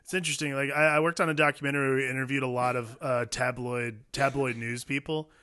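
A man's voice: mid-range voice, flat delivery, fast, pushed and bright. A man in a casual film discussion, loose and chatty, dropping swears and fillers. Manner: loose, swears, lots of likes.

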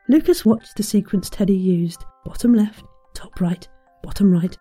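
A woman reading a children's bedtime story aloud, with gentle, chatty asides to the listener. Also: mid-range voice, normal speed, slightly rough, soft background music.

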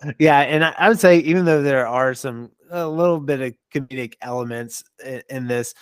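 A man's voice: medium pitch, a little fast, clean tone, no room sound. A young man in the middle of the male range, chatting as a podcast guest. He laughs often and stops and starts with fillers. The sound is dry and close. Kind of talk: casual chat.

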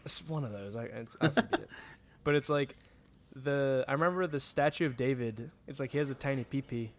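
A man's voice: medium pitch, brisk. A man with an ordinary mid-range voice chats on a podcast. He jokes around and strings his thoughts together loosely with plenty of fillers. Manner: loose, joking, filler-heavy. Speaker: podcast co-host. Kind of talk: casual chat.

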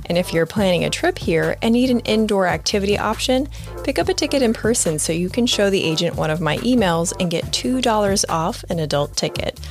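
A woman's voice: mid-range voice, lively intonation, a little fast, faint music behind. A woman hosting a podcast, asking questions and reading sponsor ads in an upbeat, friendly way. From United States. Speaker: podcast host. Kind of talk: casual interview and ad reads.

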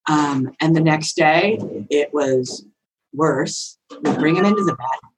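A woman podcast guest telling a story in a chatty, animated way, often acting out voices with big swings in pitch. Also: slow, background noise. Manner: chatty, frequent fillers like "like" and "right?". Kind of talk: casual storytelling.

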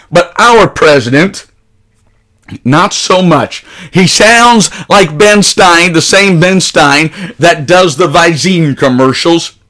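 A man's voice: fairly high pitch, fairly bright tone. A man delivering an emphatic, preachy political opinion monologue that rises to urgent peaks. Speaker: political commentator.

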